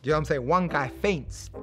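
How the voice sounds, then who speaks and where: A man from England, a comedian telling history as a tipsy comic story, slangy and acting out the characters. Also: a little high. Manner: animated slangy, acts out characters.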